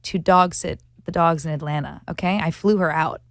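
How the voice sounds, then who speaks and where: A woman in her twenties, a guest actress in a casual chat, telling jokey stories with laughs and quick voices for the people in them. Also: sits low, steady tone, no room sound, studio quality. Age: 20s. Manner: jokey, laughing, acts out other people's lines.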